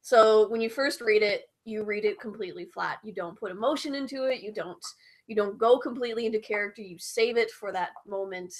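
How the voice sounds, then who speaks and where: A woman's voice: mid-range voice, fairly quick. A woman co-hosting a casual podcast who chats freely and laughs often. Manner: chatty, laughs easily, backchannels. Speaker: podcast co-host. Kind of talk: casual chat.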